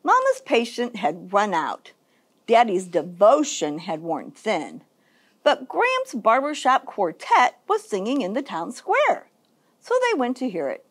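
A woman children's librarian reading a picture book aloud for story time, in an expressive, sing-song storytelling manner. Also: fairly high pitch, unhurried, breathy edge.

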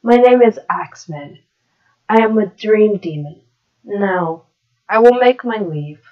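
Cruel male demon, woman voicing, slow and mocking, fan audio drama, muffled lo-fi sound. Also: medium pitch, expressive, lightly acted. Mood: gloating. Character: gloating male dream demon possessing a boy.

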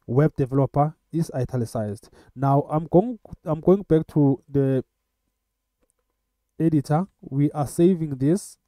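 A man teaching web coding in a screen-recorded tutorial, talking in a halting way with many filler sounds. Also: fairly high pitch, mellow, no room sound. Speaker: coding instructor.

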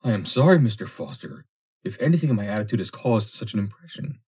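Proud young woman as a man reads her, formal, cool, animated, breathy. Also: lowish voice, quick pace. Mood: cold, reproachful.

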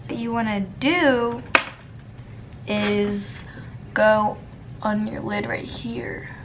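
A woman's voice: medium pitch, steady tone, extremely slow, noisy background. A young woman talking her way through a makeup tutorial in a casual, self-deprecating and flustered way, muttering to herself. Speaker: beauty vlogger.

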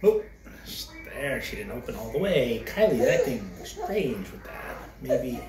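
Dad doing silly baby talk at feeding time, voice swooping all over, echoey room. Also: male voice, medium pitch, sing-song, unhurried. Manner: playful sing-song baby talk. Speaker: father feeding his twin babies. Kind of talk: casual home vlog narration. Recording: echoey room with clear crowd chatter.

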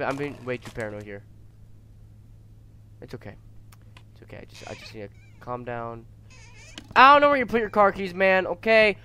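A man's voice: high voice, bright, forceful tone, a little hiss or hum. Scared teenage boy gaming. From United States. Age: teens. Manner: jittery, frightened, talking to himself. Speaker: gamer streamer. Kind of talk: horror game commentary.

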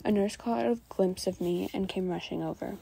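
A woman reading fan fiction aloud into a new microphone, steady with small slips. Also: mid-range voice, normal speed, creaky, husky. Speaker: fanfiction reader.

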